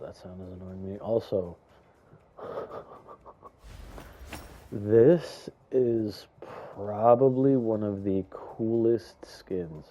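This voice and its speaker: Low, mellow-voiced young man rambling. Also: highs cut off, a little hiss or hum. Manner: rambling, chatty, excited with fillers and stutters. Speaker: gaming YouTuber. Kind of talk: casual gameplay commentary.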